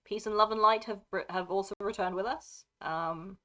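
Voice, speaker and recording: In a mid-range, fairly bright voice with fairly even intonation and normal speed, a woman streams live and chats casually with viewers. She speaks British received pronunciation and rambles in a scattered fashion, breaking off mid-sentence and laughing often.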